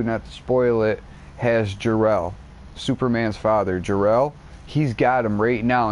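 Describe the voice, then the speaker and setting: A man streaming a game, rambling in casual chat and retelling a show in an excitable, foul-mouthed, slang-heavy way. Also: medium pitch, slight background noise. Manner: profanity-laden, excitable storytelling, heavy slang.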